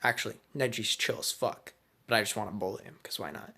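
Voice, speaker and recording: A man's voice: fairly low pitch, fast talker, gravelly, pushed and bright. A man casually telling a made-up fan story, crude, slangy and rambling.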